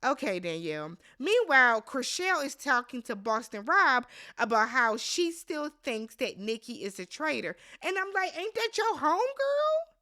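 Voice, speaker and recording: A woman recapping a reality show in a casual vlog, with a bright, forceful voice sitting a little high for a woman. She talks bluntly and with open exasperation, swears freely, and breaks into shouted mock reactions. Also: sing-song, normal speed, few pauses.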